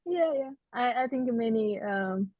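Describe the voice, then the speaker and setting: A woman talks in a friendly way as a student in an online class, sometimes searching for words. Her voice is a little high. The sound is dry and close. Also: expressive, unhurried, no room sound, narrow, tinny audio. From Russia. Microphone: video call.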